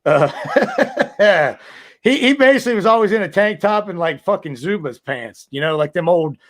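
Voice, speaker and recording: A man with a voice pitched a little high tells loose, profane stories, jumping into acted-out quotes. He talks over a video call in a casual, rambling way. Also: lively intonation, normal speed, a bit bright. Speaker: podcast co-host, former wrestler.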